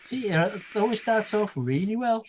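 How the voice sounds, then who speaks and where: A man with a slightly high voice co-hosts a casual livestream. He works through a long list of names at a steady clip. He drops the odd wry aside while he reads. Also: moderate pace, slight background noise. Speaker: co-host reading out chat.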